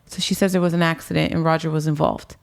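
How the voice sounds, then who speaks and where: Speaking quickly in a low, creaky voice with a level tone, this twenty-something woman shares her own story with an interviewer. She keeps it casual, leans on "like" and "um" a lot, and reenacts past conversations.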